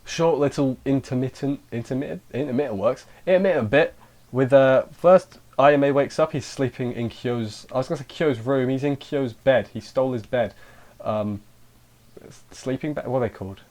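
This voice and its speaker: A man's voice: mid-range voice, moderate pace, darkish tone. A man giving a casual spoken anime review, rambling along and interrupting himself with jokey side remarks.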